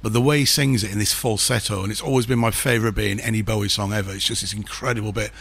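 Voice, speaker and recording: A man's voice: on the low side, steady tone, rapid-fire, gravelly, a bit bright, husky. A man as a podcast guest, telling rambling pub anecdotes in casual chat, full of restarts and fillers.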